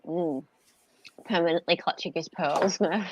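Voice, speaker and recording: A woman's voice: lowish voice, unhurried, background noise. Hesitant woman hosting a live stream. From Australia. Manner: hesitant, many fillers and restarts. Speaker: host of a live legal commentary stream. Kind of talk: casual live-stream chat.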